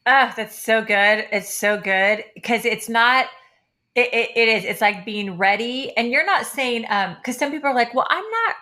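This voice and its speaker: Bright-voiced, enthusiastic woman radio host. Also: fairly high pitch, normal speed. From Kansas and Oklahoma. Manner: enthusiastic, gushing, repeats phrases, many fillers. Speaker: radio talk show host. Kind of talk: upbeat radio interview chat.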